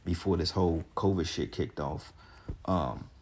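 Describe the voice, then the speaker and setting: A man's voice: low-pitched, measured pace, a little mellow, slight background noise. A man with a congested voice giving casual, heated religious talk, profane and ranting, with scripture readings between. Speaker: religious commentator.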